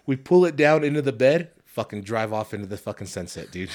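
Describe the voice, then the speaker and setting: A young man with a lowish voice tells a rambling work story on a podcast, swearing freely. He talks casually and keeps breaking into laughter as he goes. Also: animated, a little fast, a little mellow. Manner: profane, storytelling, prone to laughing fits. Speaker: podcast host. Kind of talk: casual chat.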